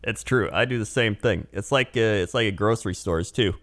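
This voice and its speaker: A man co-hosting a casual chat, telling animated stories and mimicking people. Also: fairly quick. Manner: animated storyteller, mimics people in high voices.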